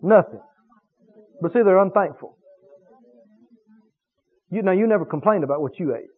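A man preaching a sermon, emphatic and animated, stretching key words for effect. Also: high-pitched, moderate pace, husky. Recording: tinny phone-like radio broadcast.

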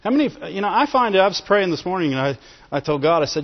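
A man's voice: high-pitched, big pitch swings, quick pace. A man preaching a sermon in a conversational way, often laughing and calling for amens. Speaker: pastor. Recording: dull lo-fi recording in a reverberant hall.

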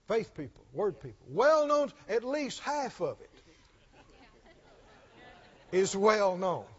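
A man's voice: high voice, sing-song, takes it slowly, slightly rough. A man preaching a sermon in a church, emphatic and questioning, often repeating his lines. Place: church sanctuary. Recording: dull recording with long hall reverb.

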